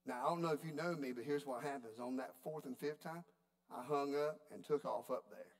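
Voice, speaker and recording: A man preaching a sermon, telling a story in a folksy, animated way. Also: medium pitch, brisk. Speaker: pastor.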